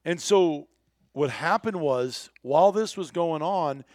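Brief: male storyteller, slightly higher voice, animated and chatty, dry close mic. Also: takes it slowly, no echo. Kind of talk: casual storytelling chat.

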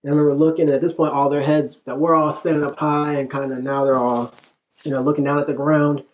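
A man from northern Illinois tells a personal story as an interview guest. his narration is lively, he acts out the dialogue of the people in it, and laughs come up often between lines. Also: fairly high pitch, fast talker. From northern Illinois, USA.

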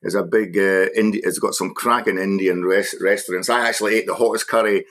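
A man with a fairly low voice chats casually as a guest. He reminisces in a halting, stop-start way, often repeating himself before the thought comes out. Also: steady tone, a bit bright. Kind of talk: casual conversation.

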